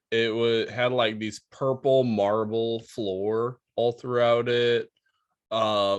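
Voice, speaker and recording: A man's voice: fairly low pitch, no room sound, clean studio sound. A man co-hosting a casual podcast, telling rambling stories in a laid-back way, laughing often and swearing. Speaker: podcast co-host. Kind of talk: casual storytelling chat.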